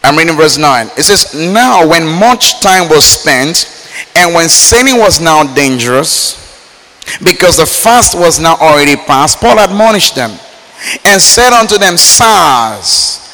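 High, bright-voiced preacher in a reverberant hall. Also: male voice, unhurried. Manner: animated preaching, swinging from loud emphatic lines to low quiet asides. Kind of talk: sermon.

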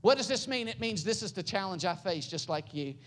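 A pastor preaching a sermon, building up into loud, high passages and then dropping to soft, low, quiet lines. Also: expressive, brisk.

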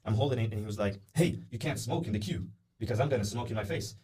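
In a casual podcast conversation, a young male guest with a husky mid-range voice rattles quickly through a long story. He animatedly performs the voices of the people in it, peppering his speech with "uh" and "like."

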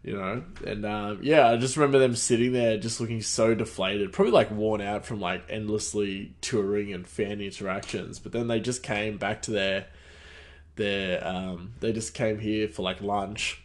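A man's voice: lowish voice, fairly even intonation, moderate pace. A man hosting a podcast, telling a casual story in a rambling way full of fillers and restarts. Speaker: podcast host.

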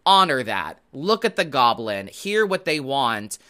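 A man's voice: medium pitch, big pitch swings, measured pace, bright, forceful tone. A man hosting a show, giving a casual, rambling tarot reading to viewers with the odd swear word. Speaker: host and tarot reader.

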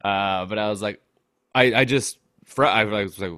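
A fairly low-pitched, brisk young man co-hosts a podcast, recorded without echo. He spins an animated, casual story, laughs a lot, and quotes people by acting out their words.

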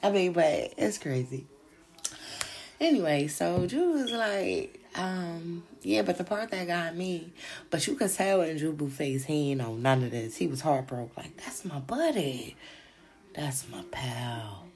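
A woman podcast host talking in a loose, slangy style, cursing freely and turning often to address her listeners. Her voice sits a little low, yet it swings widely in pitch. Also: unhurried. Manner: animated, slangy and profane, with frequent asides to listeners. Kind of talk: casual gossip commentary.

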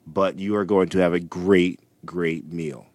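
A man's voice: sits low, steady tone, unhurried, darkish tone, dry recording. A man co-hosting a casual podcast who is losing his voice, giving local restaurant tips. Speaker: podcast co-host. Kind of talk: casual chat.

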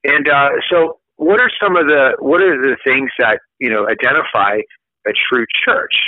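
Priest teaching over a tinny line. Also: male voice, medium pitch, moderate pace, dry recording. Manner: conversational, with fillers and restarts. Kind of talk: casual catechism teaching. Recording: phone-like lo-fi sound.

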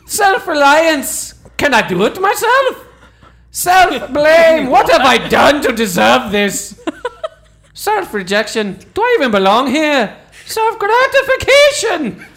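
A man's voice: very high voice, big pitch swings, slow pace, gravelly, fairly bright tone, pitched above the performer's own voice, heavily acted. A man putting on an Irish accent to play a hammy Irish man who reads out a list and grows angrier as he goes. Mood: increasingly angry. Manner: hammy, growing angrier line by line.

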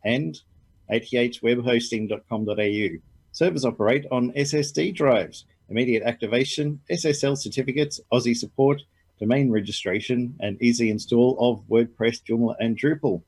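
A man reading a scripted sponsor message in a brisk, matter-of-fact way. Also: mid-range voice, darkish tone, breathy edge, no room sound. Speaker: sponsor announcer.

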